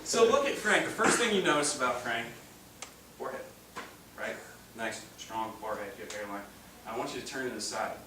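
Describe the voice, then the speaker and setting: A man giving an animated, joking seminar talk to a live audience. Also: mid-range voice, moderate pace, a loud crowd. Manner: animated, joking, acts out voices with laughs. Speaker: chiropractic seminar speaker. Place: large room with live audience. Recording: distant mic, echoey room, noisy.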